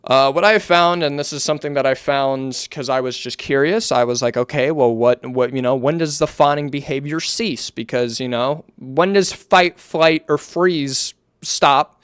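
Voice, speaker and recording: A man giving casual commentary, reading aloud from his notes in a measured way, with offhand asides and some swearing. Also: on the high side, clear, resonant tone, dry recording, clean studio sound. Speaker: online commentator.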